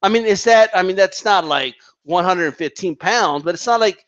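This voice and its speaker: A man's voice: high-pitched, moderate pace, a bit bright. A man hosting a boxing talk channel, delivering a combative, profanity-laced rant full of restarts and repeated words. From Mexican heritage. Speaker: boxing commentator. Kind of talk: heated rant vlog. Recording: dull lo-fi audio.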